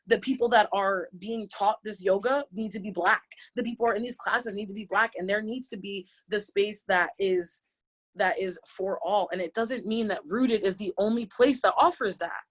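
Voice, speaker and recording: A woman in her late twenties, a yoga teacher speaking on a panel, talking through tears in an impassioned, halting way with many restarts. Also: mid-range voice, breathy edge. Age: late 20s. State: crying, tearful. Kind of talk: emotional personal testimony on a panel.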